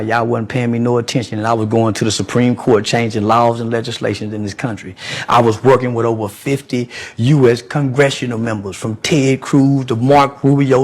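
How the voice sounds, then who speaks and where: A man who is a podcast guest, giving blunt, profane social commentary in a preachy, lecturing way. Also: medium pitch.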